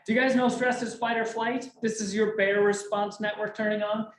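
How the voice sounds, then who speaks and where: A man with a high-pitched voice talks briskly in a flat delivery. He's giving a jokey motivational talk to a business group in a meeting room, peppering the audience with questions, recorded from a distance in a roomy space with a faint hum.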